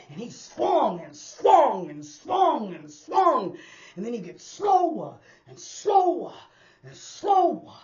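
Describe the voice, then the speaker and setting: Animated woman telling a street story. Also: on the high side, highs cut off. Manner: animated, addresses listeners as y'all, acts out sounds. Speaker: storyteller and former bus driver. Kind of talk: casual personal storytelling to an audience. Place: indoors on a hot day.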